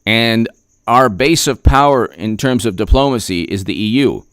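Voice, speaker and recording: A man rants through sarcastic political commentary in a heated, repetitive way, clearing his throat now and then. His voice is smooth and resonant at a middle pitch, recorded close and dry. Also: moderate pace, fairly bright tone, no echo. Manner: sarcastic, heated, repeats himself. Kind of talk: opinion rant vlog.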